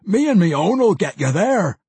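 A man plays a wild dwarf warrior with a raised, husky, barking voice and rough dialect. He snorts and huffs his lines in a close, dry storybook reading. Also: high-pitched, big pitch swings, a little slow, a little mellow, no echo, pitched above the performer's own voice, full character voice. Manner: gruff, barking, dialect speech. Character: wild, gruff male dwarf battle rager.

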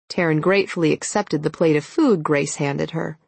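Low-voiced woman narrating an audiobook. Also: moderate pace, vocal fry, a little mellow, husky, no echo. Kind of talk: scripted narration.

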